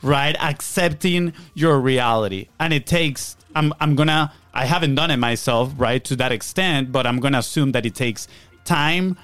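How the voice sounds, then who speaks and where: A man on a podcast, thinking out loud and checking in with "right?". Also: mid-range voice, normal speed, clean tone, no room sound. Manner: reflective, tag questions "right?". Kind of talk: casual podcast conversation.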